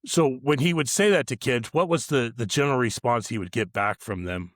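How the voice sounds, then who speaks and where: Brief: male interviewer, youth coach, halting and filler-heavy, dry sound. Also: medium pitch, dry recording. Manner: halting, thinks aloud with fillers. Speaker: podcast host and youth coach. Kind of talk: casual interview questions.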